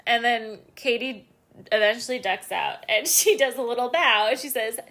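A woman's voice: a little high, normal speed, fairly bright tone. A young woman co-hosting a casual recap chat, laughing often and hedging her opinions. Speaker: podcast co-host.

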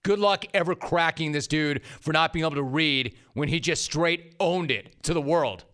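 A man's voice: a little high, normal speed, a bit bright. A man hosting a sports talk show, delivering a sarcastic monologue and repeating his punchlines for effect. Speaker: sports radio host.

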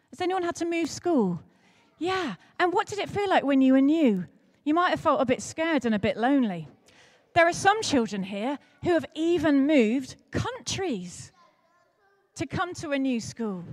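A woman preaching at an all-age church service, telling a story in a playful, animated way and speaking directly to the children. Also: high voice. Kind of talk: lively storytelling sermon for children and adults.

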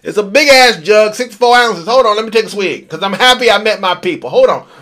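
Rambling, lively man podcasting. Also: high-pitched, fast talker, a little hiss or hum. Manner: rambling, jokey, crude asides, talks to himself while scrolling. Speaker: podcast host. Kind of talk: casual solo podcast monologue.

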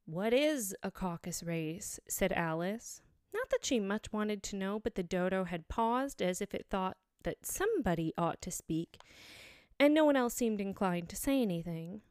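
A woman narrating a storybook aloud in a measured, expressive reading. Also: mid-range voice, clean tone, no echo, studio quality.

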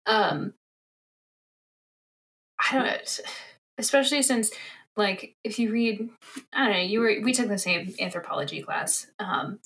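A woman's voice: medium pitch, a little slow, long pauses, a bit bright. A young woman co-hosting a casual book podcast, talking things through thoughtfully with many fillers. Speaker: podcast co-host.

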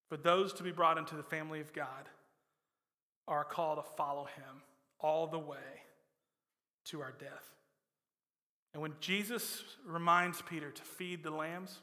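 A man preaching a sermon as pastor, his delivery swinging from loud emphatic lines to soft, hushed ones. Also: fairly high pitch, long reverb tail.

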